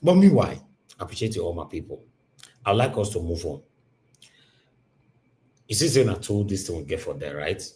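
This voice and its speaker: A man's voice: deep voice, big pitch swings, fairly quick, long pauses, a little mellow. Emphatic Nigerian man hosting. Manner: emphatic, repetitive, mixes in pidgin. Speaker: live stream host. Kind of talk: casual live-stream monologue.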